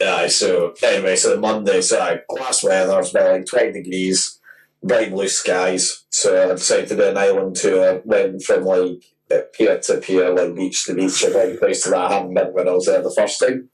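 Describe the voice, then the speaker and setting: A man's voice: sits low, flat delivery, moderate pace, recorded from a distance, rough recording. A man in his twenties co-hosting a podcast, telling a long rambling story in casual chat and swearing freely. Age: 20s. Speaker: podcast co-host.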